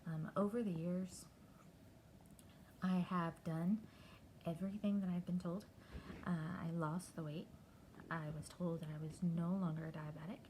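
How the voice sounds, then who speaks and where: Woman in her middle years, low warm voice, chatty video diary, kinda halting. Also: flat delivery, a little hiss or hum, rough recording. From Texas. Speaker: vlogger.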